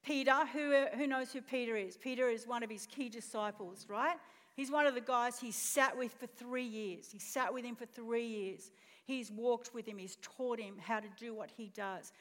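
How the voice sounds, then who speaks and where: A woman's voice on the high side, moderately paced, belongs to a pastor giving a sermon in a church auditorium. She recounts a story expressively and addresses questions to the congregation, with long church-hall reverb throughout.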